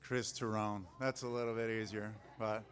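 Low-voiced joking preacher man. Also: little pitch movement, normal speed. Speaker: pastor. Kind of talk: sermon.

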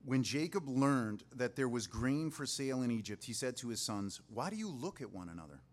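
A man's voice: mid-range voice, very animated, brisk. A man preaching a sermon in a casual, joking way, retelling a Bible story. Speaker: pastor.

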